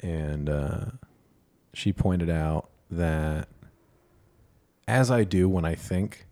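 A man's voice: low-pitched, drawn-out words, darkish tone. A man co-hosting a podcast, telling a story in casual chat, wry and laughing often, swearing freely. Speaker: podcast co-host.

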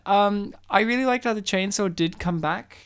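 Man, sarcastic, deadpan jokes, casual podcast chat about movies. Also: sits high, moderate pace, clean tone. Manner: dry, sarcastic joking. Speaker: podcast co-host.

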